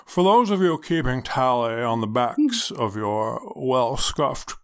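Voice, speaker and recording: A folksy elderly male storyteller, put on by a man, spins his tale with slow, drawn-out dramatic pauses. His pitch wanders in a lively way as he lingers on each phrase. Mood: mock solemn. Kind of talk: impression.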